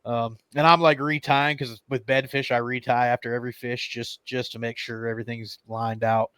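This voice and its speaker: A man's voice: medium pitch, little pitch movement, normal speed, fairly bright tone, smooth, no room sound. A man, a tournament angler, telling a story on a podcast in a rambling way, with lots of fillers.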